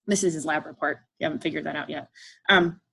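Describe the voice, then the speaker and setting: A middle-aged woman artist gives a funny talk, recounting a personal story to an audience with lively self-deprecation and playing the people in it. Her voice sits low, creaky with a breathy edge, and she moves at a quick pace.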